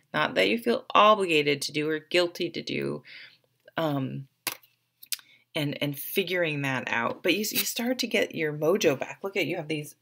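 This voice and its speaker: Speaking directly to her viewers, this woman offers a casual, upbeat tarot reading full of fillers. Her voice is low and gravelly with a fairly bright tone.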